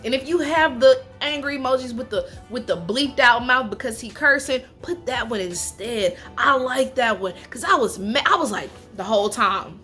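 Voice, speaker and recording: A young woman reviewing a reality show in a casual, animated chat, full of slang and laughter. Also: on the high side, takes it slowly, soft background music. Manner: chatty and animated, laughs often, slangy asides.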